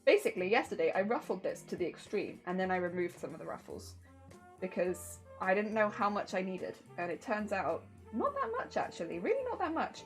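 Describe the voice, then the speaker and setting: Bubbly woman with a lively voice. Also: medium pitch, a little fast, faint music behind. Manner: bubbly, chatty, laughs often, rambling. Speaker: streamer. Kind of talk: casual livestream chat while sewing.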